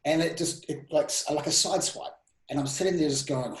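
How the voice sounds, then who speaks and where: A man in his thirties telling personal stories in an interview, animated and full of restarts and quoted self-talk. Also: medium pitch, normal speed. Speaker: guest speaker. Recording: roomy echo.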